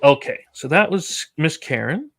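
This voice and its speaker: A man's voice: fairly high pitch, animated, unhurried, fairly bright tone. A man running a tabletop horror game as game master, narrating dice results casually.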